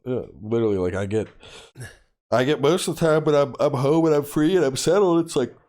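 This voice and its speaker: A man's voice: medium pitch, brisk. A man in his thirties, a podcast guest and game streamer, chatting casually and acting out voices in his stories, swearing freely. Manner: animated storytelling, acts out quotes, swears casually. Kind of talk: casual chat.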